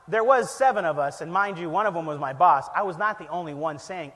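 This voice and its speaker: High-voiced pastor telling a funny story. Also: male voice, fast, few pauses, long reverb tail. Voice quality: animated, self-deprecating, laughs often. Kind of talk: storytelling sermon. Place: church.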